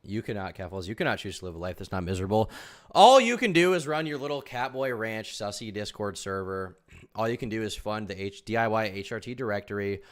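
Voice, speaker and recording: A young man reacts on a live stream, laughing at what he hears and breaking into profane rants. His voice sits low but swings up and down a lot. He talks in bursts, mocking the people he is watching. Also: expressive, fairly quick.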